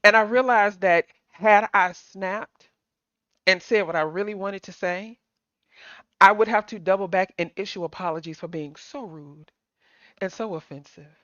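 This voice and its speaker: A woman's voice: mid-range voice, normal speed, a bit bright, dry recording, muffled recording. A sassy, chatty woman hosts a livestream, calling her viewers honey and sugar. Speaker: livestream host. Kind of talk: casual chat to live viewers.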